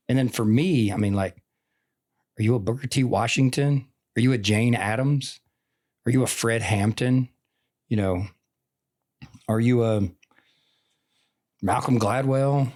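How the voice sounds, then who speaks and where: A veteran teacher in his forties, appearing as a podcast guest, talks earnestly and rambles in casual conversation, filling his speech with "like" and "I mean." His voice is on the low side, a little mellow, fairly even in intonation and moderately paced.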